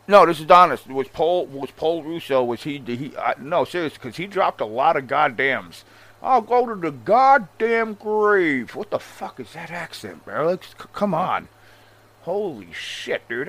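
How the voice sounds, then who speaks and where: A man ranting casually about wrestling history in a profane, animated and sarcastic manner. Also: on the high side, dry recording. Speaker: wrestling commentator. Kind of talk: casual rant.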